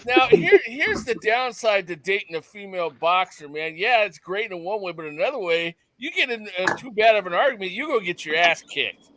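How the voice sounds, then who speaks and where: Casting: man, high, bright voice, joking co-host in a casual chat. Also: sing-song, a little fast, low-quality recording. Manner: joking, laughs often.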